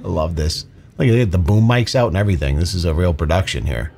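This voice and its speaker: A man's voice: low voice, quick pace, gravelly, darkish tone, slight background noise. A man hosting a reaction video, riffing on clips with sarcastic, mock-serious rants. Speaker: commentary video host.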